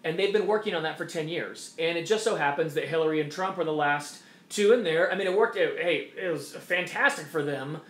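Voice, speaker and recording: A man's voice: fairly high pitch, fairly quick, few pauses, a bit bright. A man hosting an opinion monologue, talking emphatically and repeating his points. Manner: emphatic, repetitive, mocking quoted voices. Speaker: host. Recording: echoey room.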